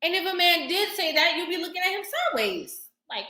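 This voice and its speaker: A woman vlogger talking casually to camera, sassy and animated, laughing often. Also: extremely high pitch, fairly quick, roomy sound.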